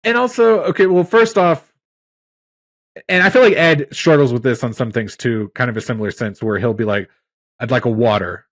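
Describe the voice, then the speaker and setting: A man's voice: medium pitch, a little fast, no room sound. A man hosting a podcast, telling long stories in a rambling, exasperated way during casual chat. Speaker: podcast host.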